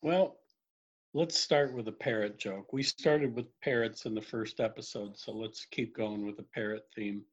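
A man telling jokes in a relaxed, storytelling way, acting out the characters. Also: lowish voice, moderate pace. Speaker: joke teller. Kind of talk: casual joke telling. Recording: dull lo-fi sound.

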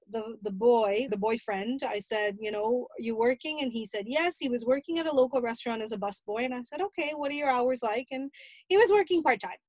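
Woman, middle-aged, high-pitched, dry close sound, emotional storyteller quoting her own words. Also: dry recording. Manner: emotional, quotes her own past dialogue at length. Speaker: mother recounting a family story. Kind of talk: personal storytelling.

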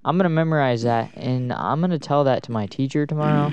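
A man's voice: medium pitch, fast talker, clean tone, no room sound, highs cut off. A young man co-hosting a podcast, joking and cutting in with slang during casual chat. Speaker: podcast co-host.

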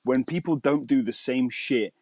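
A man's voice: normal speed, a little mellow. A man co-hosting a podcast, rambling and swearing through casual banter. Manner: rambling, sweary, swings into high mocking voices. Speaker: podcast co-host.

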